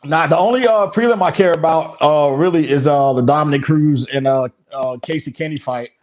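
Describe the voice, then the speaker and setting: A man's voice: on the high side, a little fast, dull audio. A man who coaches fighters, telling stories in casual podcast chat and rambling with lots of fillers. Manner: rambling storyteller with many fillers. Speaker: martial arts coach.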